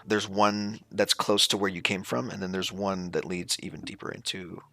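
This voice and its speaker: A man's voice: low-pitched, flat delivery, moderate pace, sharp tone, a little hiss or hum. A man narrating a tabletop game as game master, laughing easily and restarting his sentences.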